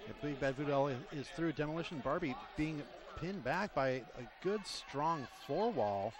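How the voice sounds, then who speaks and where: A man calls roller derby live, rattling off skater names and numbers with quick energy. His voice sits a little high. A loud crowd fills the space behind him. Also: expressive. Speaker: play-by-play announcer. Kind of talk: live sports commentary. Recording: crowd noise throughout. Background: crowd noise.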